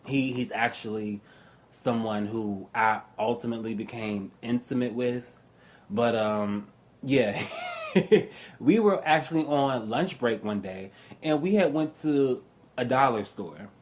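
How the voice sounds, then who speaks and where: A man's voice: mid-range voice, takes it slowly. A young man telling stories in a casual, profane rant, often laughing and mimicking other people's voices. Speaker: astrology YouTuber.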